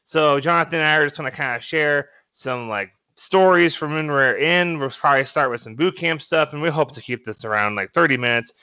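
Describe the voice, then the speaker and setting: A young man co-hosting a podcast tells stories casually, laughing often and using many fillers and restarts. His voice is on the high side, pushed and bright with a clean tone, and he talks briskly with few pauses on a dry, lo-fi recording.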